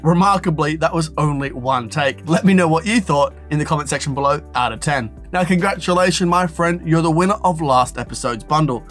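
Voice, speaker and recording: A man's voice: a little high, a little fast, hardly any pauses, a bit bright, faint music behind. Bouncy sing-song show host man. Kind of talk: upbeat promotional address to viewers.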